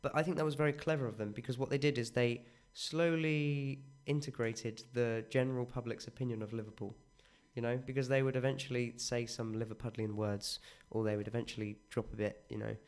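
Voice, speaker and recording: A man's voice: medium pitch, steady tone, fairly quick, few pauses, darkish tone. A man in a casual podcast talk, explaining things at length with many restarts. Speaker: podcast co-host. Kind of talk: casual discussion.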